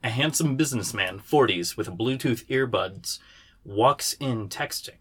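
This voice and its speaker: A man, the writer, reading the stage directions of his screenplay aloud in a steady way. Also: medium pitch, a little slow, breathy edge.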